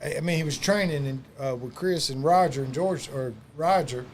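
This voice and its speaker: Male guest, slightly higher voice, rambling profane storyteller, faint hiss behind. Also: moderate pace. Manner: loose, profane storytelling with lots of fillers. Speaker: wrestling podcast guest. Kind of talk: casual storytelling chat.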